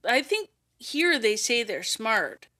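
A woman's voice: a little high, sing-song, slow pace, bright, forceful tone. A woman co-hosting a podcast, agreeable and sarcastic in casual chat.

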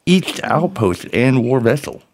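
A man's voice: mid-range voice, sing-song, unhurried, a little hiss or hum. A man co-hosting a casual podcast, trading dry, sarcastic quips. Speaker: podcast co-host. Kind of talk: casual chat.

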